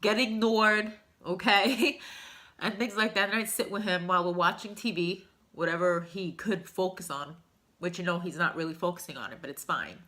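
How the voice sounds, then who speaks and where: A woman's voice: lowish voice, pushed and bright. A woman vlogger telling a personal story to camera in a candid, emotional, rambling way. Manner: emotional, heartfelt, rambling with fillers.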